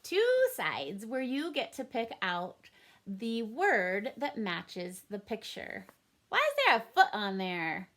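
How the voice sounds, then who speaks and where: A woman's voice: mid-range voice, huge pitch swings, slow, fairly bright tone. A woman teaching a first grade reading lesson for a home recording, upbeat and encouraging in a sing-song teacher manner.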